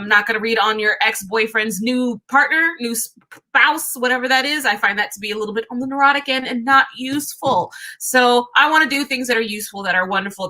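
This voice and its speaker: A woman's voice: a little high, pushed and bright. A woman hosting a live tarot reading stream, chatting casually and upbeat, greeting viewers by name and often restarting her phrases.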